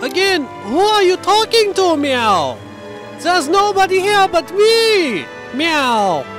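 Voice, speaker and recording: A man's voice: very high voice, very animated, slow pace, over music, heavily acted. A man voicing a puzzled male cat companion who tacks meow onto his lines. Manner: tacks on meow, Germanic titles.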